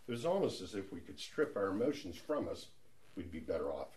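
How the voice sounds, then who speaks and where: A man's voice: low voice, very animated, brisk, darkish tone. A middle-aged man leading a church Bible study in a conversational teaching style, chatty and prone to restarts. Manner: chatty, with frequent restarts and asides.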